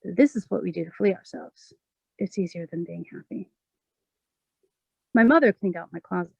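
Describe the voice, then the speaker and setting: A woman poet giving a measured, expressive reading of her own poems. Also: on the low side, creaky, breathy edge, no echo, highs cut off. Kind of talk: poetry reading.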